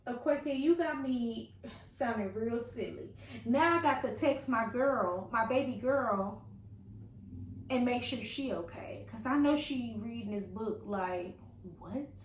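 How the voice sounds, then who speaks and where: A woman's voice: a little high, measured pace. A young woman, chatting playfully about a book she is reading and reacting with laughter. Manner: playful, laughing, reads passages aloud with reactions. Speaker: book vlogger. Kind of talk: casual reading vlog chat. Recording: echoey room with faint ambient noise.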